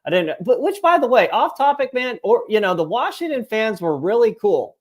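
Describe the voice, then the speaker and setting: A man's voice: sits high, very animated, normal speed. A young man co-hosting a sports podcast, telling rambling, profane stories full of fillers in casual chat. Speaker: podcast co-host.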